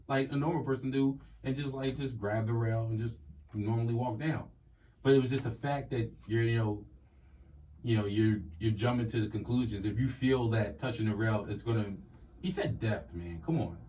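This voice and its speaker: A man's voice: dark tone, recorded from a distance, low-quality recording. A man co-hosting a podcast in casual, teasing chat. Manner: laid-back, teasing, puts on a deep smooth voice. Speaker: podcast co-host.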